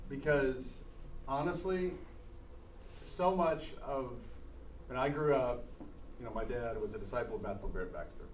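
A man speaking earnestly and haltingly in a casual conversation about faith, with frequent restarts. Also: mid-range voice, slight background noise. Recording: echoey room, mic at a distance.

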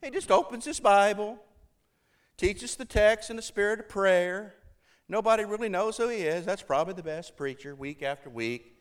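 A man doing an impression of a small, gentle elderly preacher with a high, soft voice, speaking modestly and unhurried. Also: lively intonation, clear, resonant tone. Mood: humble. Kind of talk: impression within a sermon.

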